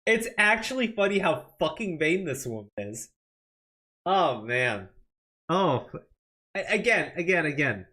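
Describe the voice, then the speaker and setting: A man's voice: on the high side, very animated, a little slow, long pauses, sharp tone. A man hosting a political commentary show, reacting to clips and news with angry, profanity-laced rants.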